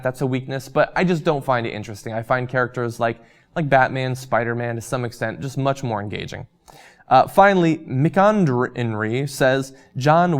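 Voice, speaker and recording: Man, vlog host, casual Q&A, relaxed, filler-heavy, mid-pitched, losing his voice. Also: clean tone. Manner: relaxed and chatty, with frequent um and uh fillers. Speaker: host answering viewer questions.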